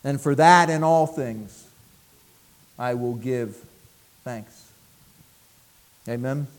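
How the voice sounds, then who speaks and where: A man preaching a sermon as pastor, emphatic, lifting his voice for quoted prayers and dropping soft to pray. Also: medium pitch, drawn-out words.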